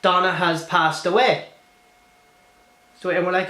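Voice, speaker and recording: A man's voice: sits high, fairly even intonation, unhurried, sharp tone, roomy sound. A man reviewing a film in a casual vlog, gushing and rambling with many restarts and fillers.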